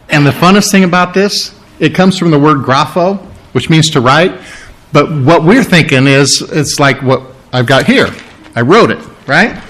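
Animated male preacher with lively pitch. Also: unhurried. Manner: animated, emphatic preaching with repeated phrases. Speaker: pastor. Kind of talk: sermon.

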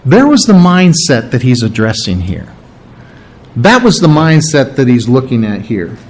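A middle-aged man preaching a sermon, animated and full of rhetorical questions. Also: medium pitch, measured pace. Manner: animated, rhetorical questions, acts out quoted voices. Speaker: pastor.

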